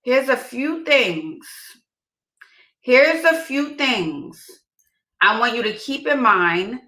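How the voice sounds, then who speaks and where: In a roomy, echoing recording, a woman whose voice is on the high side speaks slowly and animatedly, sounding pushed and bright. She addresses the camera with casual dating advice for her viewers, emphatic and repeating the main points.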